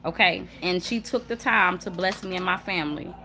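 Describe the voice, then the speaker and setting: A young woman hosts a livestream from a room at home with her kids nearby, chatting casually and emphatically to viewers. She's warm, repeats herself, and hushes her children mid-talk now and then. Her voice is lowish at a normal speed, with a little hiss or hum.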